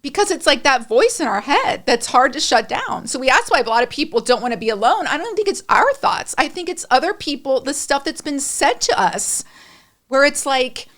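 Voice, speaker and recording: A woman's voice: high-pitched, very animated, normal speed, a bit bright. A middle-aged woman speaking candidly and emotionally as a podcast guest, rambling through personal stories.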